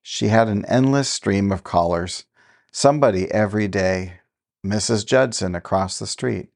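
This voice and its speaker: A man narrating a story in a measured, steady manner. His voice sits low with a gravelly edge. This is scripted storytelling.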